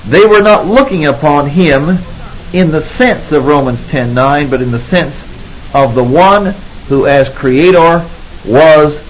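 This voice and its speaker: A man giving an expository Bible lecture, measured and deliberate, pausing to stress key words. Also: a little high, lively intonation, rough recording. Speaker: Bible teacher.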